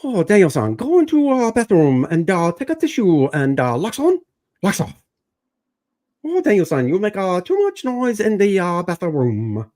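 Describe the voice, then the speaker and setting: A man's voice: high voice, wildly swooping pitch, unhurried, gravelly, slightly rough, voice pushed up, full character voice. A man putting on an old mentor voice, mock accent. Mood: mock solemn.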